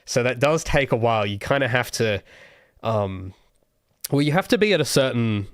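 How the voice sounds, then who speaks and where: A man's voice: medium pitch, expressive, moderate pace, no echo, clean studio sound. A young adult man hosting a casual livestream Q&A, rambling and thinking aloud with many restarts. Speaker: solo game developer streamer.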